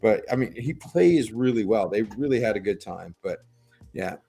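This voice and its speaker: A middle-aged man hosting a livestream, chatting in a relaxed, rambling way. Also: fairly low pitch, normal speed, gravelly, breathy edge. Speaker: livestream host. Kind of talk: casual chat. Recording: faint music in the background.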